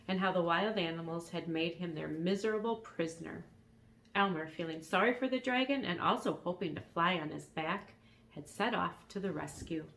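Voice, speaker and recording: A woman reading a children's storybook aloud in a calm, even narrating voice. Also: on the low side, slight background noise. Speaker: reader.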